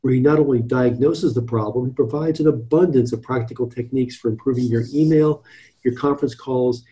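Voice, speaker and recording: A male interview host with a mellow, relaxed tone addresses his audience. He speaks in a friendly way as he closes the segment. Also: medium pitch, a little fast, rough recording.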